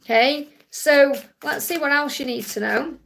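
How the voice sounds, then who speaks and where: High, gravelly-voiced woman tarot reader. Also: unhurried, noisy background. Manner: reassuring, affectionate, addresses viewers directly. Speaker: tarot card reader and live stream host. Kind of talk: live tarot reading, answering viewer questions.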